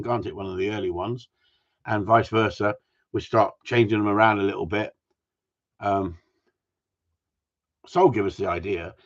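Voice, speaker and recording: A man chats through a live stream in a slightly low, husky voice, joking and teasing as he reads out viewer comments. The sound is dull and lo-fi. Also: fairly bright tone. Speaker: host of a gundog group live stream. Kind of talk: casual live-stream chat.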